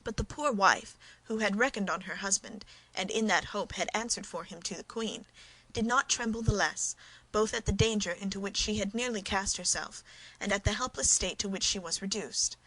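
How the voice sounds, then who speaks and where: A woman narrating a classic novel as an audiobook, reading in a measured, clear way. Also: medium pitch, fairly bright tone, rough recording. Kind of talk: scripted narration.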